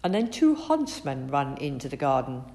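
A woman reading a children's story aloud in an expressive, animated way. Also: rumbling low, moderate pace, creaky.

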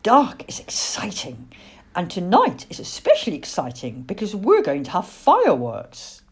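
A woman's voice: medium pitch, wildly swooping pitch, normal speed, a little mellow, breathy edge. A woman reading a storybook and voicing an eager, chatty little boy. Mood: excited. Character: excited little human boy.

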